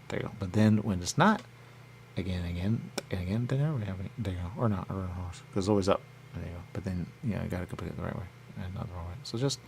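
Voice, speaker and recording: A man hosting a radio talk show, rambling on his own and repeating the same catchphrase over and over, sometimes acting out other people in a high voice. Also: gravelly, slight background noise. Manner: rambling, repeats "there you go" constantly.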